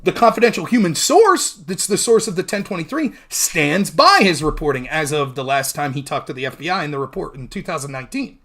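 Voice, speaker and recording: Animated, argumentative male talk host. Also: fairly high pitch, fairly quick, hardly any pauses. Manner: argumentative, mimics opponents mid-sentence; profane and emphatic. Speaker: political talk show host. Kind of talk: heated debate recap monologue.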